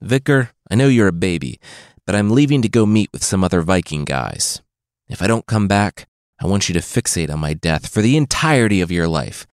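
A man voicing a blunt Viking king with a deadpan, offhand delivery. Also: sits low, fairly quick, dry recording, studio quality.

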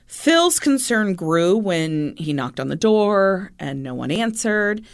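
A woman's voice: mid-range voice, very animated, takes it slowly. A woman co-hosting a podcast, telling a true-crime story in a chatty way, with easy laughs and loose fillers. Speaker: podcast co-host.

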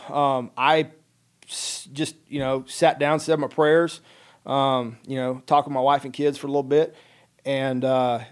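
A man's voice: mid-range voice, darkish tone. A middle-aged man, a military veteran, telling a personal story in a casual podcast chat, wry and plain-spoken, acting out the dialogue.

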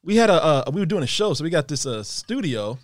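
A man's voice: a little high, fast. A man appearing as a guest, telling stories expressively in casual chat. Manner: expressive storyteller, laughs and swears.

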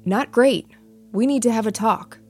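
Woman putting on a middle-aged father who has lost his temper, scolding his family in a raised, sarcastic storybook voice set a little high in pitch. His words come out loud and accusing over faint music behind him. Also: normal speed, slightly rough. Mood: angry.

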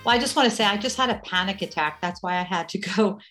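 A woman's voice: mid-range voice, fast, fairly bright tone, faint music behind. A woman co-hosting a casual chat, talking in an easygoing, rambling way. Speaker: co-host.

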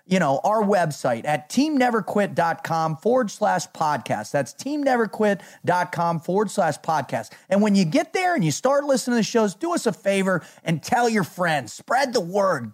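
A middle-aged man hosting a podcast, talking in a hyped, motivational way and laughing often. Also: sits high. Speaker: podcast host. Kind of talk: energetic podcast chat.

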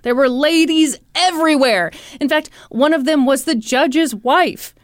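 A woman co-hosting a podcast, telling a story in casual chat with a playful, animated manner. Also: high-pitched, measured pace, dry recording, clean studio sound. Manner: animated, playful, breaks into laughter. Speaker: podcast co-host.

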